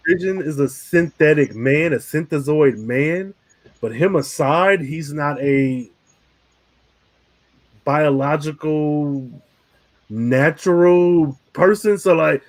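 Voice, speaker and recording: A man's voice: fairly high pitch, takes it slowly. A man hosting a casual review podcast, talking animatedly, laughing often and swearing casually. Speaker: podcast host.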